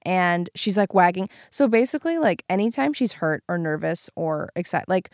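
A woman's voice: lowish voice, lively intonation, moderate pace, no room sound, studio quality. A woman co-hosting a podcast in casual chat, rambling with plenty of fillers like "um" and "like". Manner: rambling, lots of "like" and "um". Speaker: podcast co-host.

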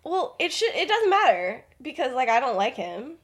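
A woman's voice: high-pitched, sing-song, slightly rough, pitched above the performer's own voice, full character voice. A woman voicing a flustered, overeager teenage girl. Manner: rushed, flustered, gushing.

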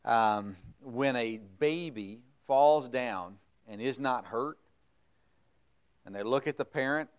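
A middle-aged man leads a sermon in an easygoing, conversational tone. His voice sits at an ordinary medium pitch. He moves from reading scripture in old-fashioned wording to folksy explanation sprinkled with fillers. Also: slow, clean tone, muffled recording. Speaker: preacher. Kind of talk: casual sermon with Bible reading.

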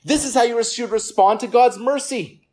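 A pastor preaching a sermon to a gathered congregation. The delivery is earnest, often repeats words, and falls quiet for emphasis. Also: medium pitch, normal speed. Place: church service room with listeners.

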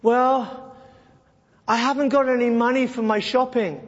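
A needy stranger pleads for money in a high, mock-pitiful voice, put on by a preaching man. The voice echoes through a long hall reverb on a dull recording. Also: steady tone, measured pace. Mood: pleading. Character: needy stranger begging for baby food money.

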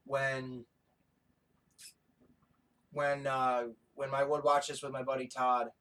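A man co-hosting a podcast in casual chat, talking in a rambling, excitable way with plenty of swearing. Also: mid-range voice, takes it slowly, rough recording. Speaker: podcast co-host.

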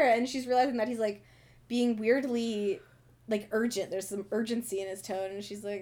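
A woman's voice: on the high side, steady tone, normal speed, a little mellow. A young woman in a casual book chat, talking animatedly with laughs and swearing. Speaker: co-host.

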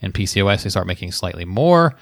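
A man's voice: deep voice, sing-song, quick pace, vocal fry, dry recording. A man co-hosting a casual podcast, reading a listener's letter and a medical web page aloud with a laugh in his voice.

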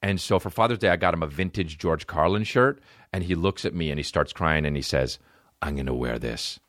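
A male comedian and podcast host telling a profane, animated personal story in casual chat. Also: sits low, a little fast, no room sound, clean studio sound.

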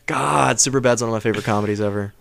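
A man's voice: medium pitch, very fast, gravelly. A man who does stand-up comedy, talking casually and dropping into impressions. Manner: animated, breaks into character voices. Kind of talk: casual chat.

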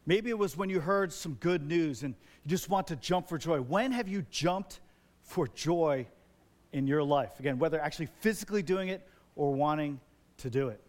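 A man in his forties preaching a sermon as a pastor, telling stories with lively, building excitement. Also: a little high, normal speed. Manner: animated storytelling, grows loud and excited. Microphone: wears a microphone.

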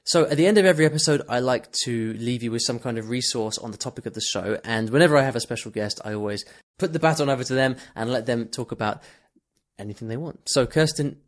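A male podcast host with brisk, rapid delivery. He keeps an upbeat, friendly tone as he thanks his guest and points listeners to resources. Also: mid-range voice. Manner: upbeat, friendly wrap-up patter. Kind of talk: casual podcast chat.

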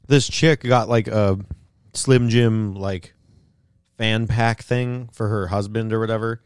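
A man's voice: fairly low pitch, steady tone, takes it slowly, clean tone, dry recording, clean studio sound. A man telling rambling, profane stories on a casual podcast, acting out what others said. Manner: rambling, profane, acts out quotes.

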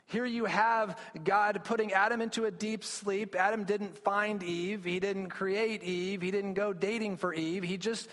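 A man's voice: sits high, steady tone, unhurried, hardly any pauses, fairly bright tone. A male pastor preaching a sermon in a church, explaining scripture earnestly and often restarting his phrases. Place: church sanctuary. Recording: long reverb of a church hall.

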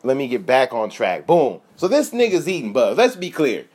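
A man's voice: medium pitch, wildly swooping pitch, moderate pace, darkish tone, breathy edge. A man in his thirties delivering a profane, comedic rant with laughing asides. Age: 30s. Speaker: comedian host.

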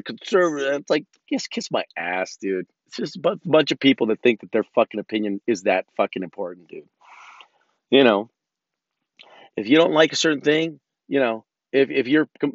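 A man's voice: mid-range voice, dry recording. Profane, rambling man ranting. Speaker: vlogger. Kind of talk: casual rant. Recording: dull lo-fi sound.

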